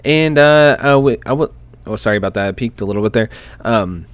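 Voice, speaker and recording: A man's voice: medium pitch, brisk, clear, resonant tone, dry recording. A young man casually telling a personal story into a desk microphone, chatty and self-deprecating, laughing often. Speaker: vlogger.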